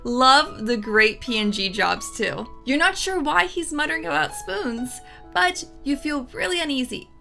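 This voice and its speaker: Young woman, let's play host, sarcastic, chatty, bright voice, slightly high. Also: expressive, measured pace, vocal fry, soft background music. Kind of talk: casual gameplay commentary.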